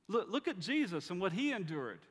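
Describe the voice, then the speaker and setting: A man preaching who briefly voices God as a gentle, reassuring, fatherly figure. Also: high voice, very animated, brisk, voice pushed up, full character voice. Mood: encouraging. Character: God, a patient encouraging fatherly male voice. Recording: long reverb of a large hall.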